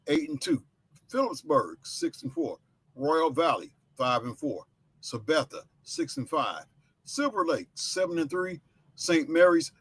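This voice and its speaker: Male host, husky voice, brisk list-reading of sports rankings with a few casual asides, mid pitch. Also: fairly bright tone. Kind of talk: reading out high school football rankings.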